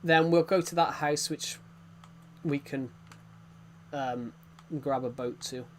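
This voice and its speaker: A man's voice: a little high, slow, a little hiss or hum. A young British man streaming a game, giving a rambling casual tour with lots of fillers and restarts. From Britain.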